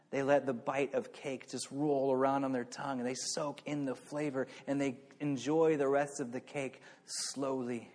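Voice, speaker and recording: Animated male preacher in a big hall. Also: fairly high pitch. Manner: animated storyteller, swings between hushed and excited. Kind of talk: sermon storytelling.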